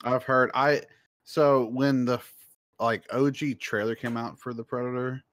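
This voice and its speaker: A man's voice: mid-range voice, steady tone, unhurried, fairly bright tone. A man co-hosting a casual podcast chat, telling a story eagerly and rambling a little. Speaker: podcast co-host.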